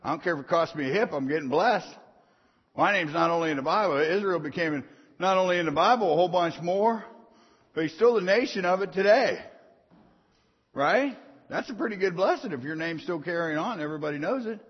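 A middle-aged man preaches with a folksy, storytelling delivery, dropping to quiet asides and then punching lines out loud. His voice sits a little high and sounds husky. The recording is muffled and carries a long hall reverb. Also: brisk. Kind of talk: sermon.

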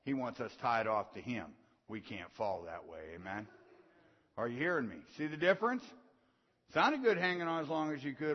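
A man preaching a sermon in a folksy call-and-response style, swelling into shouted emphasis. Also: medium pitch, expressive, normal speed. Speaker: pastor. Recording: dull sound with long reverb in a large hall.

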